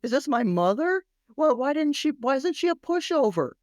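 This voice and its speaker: A woman voicing a stunned four-year-old boy with a bewildered, high-pitched voice. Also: big pitch swings, moderate pace, a little mellow, dry recording, studio quality.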